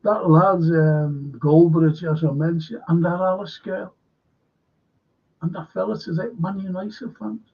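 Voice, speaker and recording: A man's voice: high voice, fairly even intonation, a little slow, gravelly, slightly rough, lo-fi sound. A man hosting a live fan stream, chatting casually in a rambling way and reading viewer comments aloud. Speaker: fan channel host.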